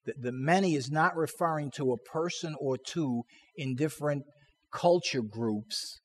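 Man, preacher, sermon-style Bible teaching, slow deliberate delivery, slightly high voice, repeats words for emphasis. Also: slightly rough.

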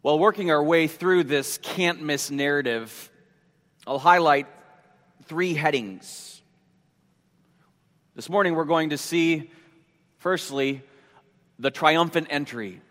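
A male pastor preaching a sermon slowly and deliberately, repeating his headings for emphasis. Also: on the high side, a bit bright. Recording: long hall reverb.

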